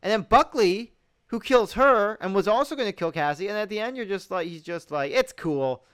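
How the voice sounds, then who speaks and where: A man's voice: high voice, a little fast, fairly bright tone, smooth. A man rambling casually about a TV series, leaning heavily on "like" and laughing at its plot holes.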